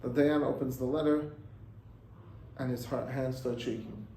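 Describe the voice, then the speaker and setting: A man's voice: mid-range voice, steady tone, unhurried, dark tone, a little hiss or hum. Rabbi guy telling a story, acts out the voices, drops in hebrew words, kinda echoey. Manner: mixes in Hebrew and Yiddish words. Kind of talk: storytelling sermon.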